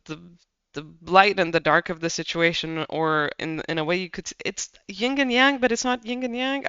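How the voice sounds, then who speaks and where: Excitable, swearing tarot reader with a smooth voice. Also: medium pitch, dry recording, highs cut off. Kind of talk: casual pick-a-pile tarot reading.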